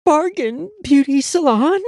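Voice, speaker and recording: A man's voice: very high voice, expressive, slow, creaky, a little mellow, no room sound, voice pushed up, heavily acted. A distraught woman gasps her words out between sobs, theatrical and whimpering, as a male narrator puts her on. Her voice sits far above his own and swoops around, and the recording is dry and close. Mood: tearful. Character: distraught sobbing woman, client with ruined hair. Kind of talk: audiobook character voice.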